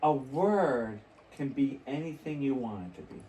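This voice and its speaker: A man's voice: mid-range voice, animated, unhurried, warm tone, far from the mic, a little hiss or hum. A man co-hosting a podcast in casual chat, telling rambling stories with restarts and laughs. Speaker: podcast co-host. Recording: echoey room, away from the mic.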